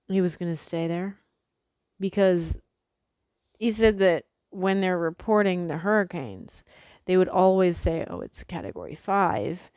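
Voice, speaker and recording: Young woman vlogger, low pitch, dry close sound, loose sweary chatty delivery. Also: darkish tone, smooth, no echo. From Pacific Northwest. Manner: chatty, swears freely, frequent fillers and restarts. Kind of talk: casual rambling monologue.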